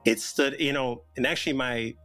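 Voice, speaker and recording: A man talking on a podcast in a playful, jokey way, with a voice of middle pitch. He tells his stories with animated energy and often jumps into silly voices. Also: moderate pace, soft background music. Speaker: podcast guest. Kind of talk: casual chat.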